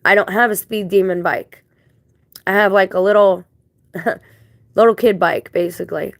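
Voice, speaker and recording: A woman of average pitch talks through a casual vlog, rambling from one grievance to the next in an indignant tone. She drops religious turns of phrase as she goes. The sound is dry, with no room echo. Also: measured pace, vocal fry. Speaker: vlogger.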